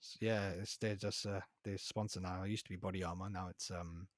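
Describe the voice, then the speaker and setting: A man's voice: sits low, level tone, brisk, no echo, clean studio sound. A man co-hosting a casual podcast chat, easygoing and slangy. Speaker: podcast co-host.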